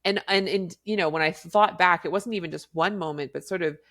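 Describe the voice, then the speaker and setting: A woman's voice: fairly low pitch, brisk, fairly bright tone. A middle-aged woman hosting a podcast, telling a personal story in a reflective way with many fillers and restarts. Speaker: podcast host and coach.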